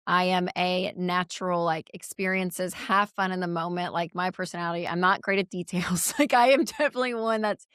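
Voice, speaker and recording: A woman's voice: fairly low pitch, fairly even intonation, a little fast, hardly any pauses, a bit bright, clear, resonant tone, no room sound, clean studio sound. A woman in her thirties, a podcast guest, chatting candidly and telling stories with easy laughs. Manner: chatty storyteller, laughs easily. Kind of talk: candid conversational interview.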